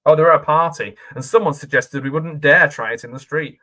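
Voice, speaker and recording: A man's voice: on the high side, fast talker, bright, forceful tone. A man giving casual, rambling reaction commentary on a film, chatting and laughing as he goes. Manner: chatty and rambling, with frequent laughs and self-questioning asides.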